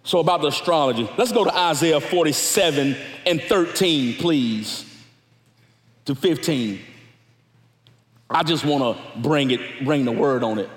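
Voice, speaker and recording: A man preaching a sermon, talking casually with the congregation and then rising into shouts. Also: a little high, unhurried. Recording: echoey hall with long reverb.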